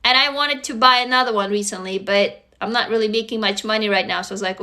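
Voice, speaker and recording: A woman with a Russian accent hosts a casual phone livestream, chatting with viewers. Her voice is slightly high and very bright. She talks freely and swears now and then. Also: fast talker, few pauses. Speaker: livestream host. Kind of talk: casual live-stream chat.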